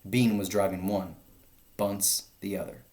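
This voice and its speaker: A man, a teacher, reading a children's story aloud to his class, lifting his voice for the shouted lines. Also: sits low, fairly even intonation, measured pace.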